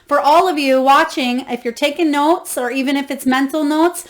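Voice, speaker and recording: A woman with a high voice does a tarot reading for her viewers. She is effusive and encouraging, reads guidebook passages aloud, and bursts into emotional exclamations. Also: steady tone, moderate pace, few pauses. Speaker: tarot reader.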